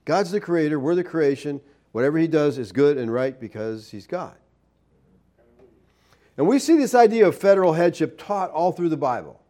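A man's voice: on the high side, sing-song, normal speed, warm tone. A man preaching a sermon, emphatic, with many rhetorical questions and scripture read aloud. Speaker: pastor.

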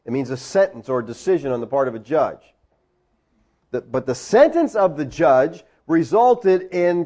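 A man's voice: fairly high pitch, darkish tone. A man delivering a teaching sermon, explaining words from the Greek and driving points home with rhetorical questions. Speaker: preacher.

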